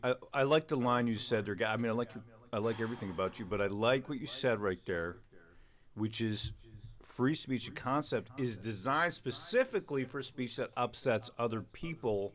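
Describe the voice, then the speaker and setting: Man, middle-aged, livestream host, rambling, emphatic, mid-pitched voice. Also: lively intonation, moderate pace. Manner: rambling and emphatic, many restarts. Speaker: streamer and host. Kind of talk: casual political chat on a livestream.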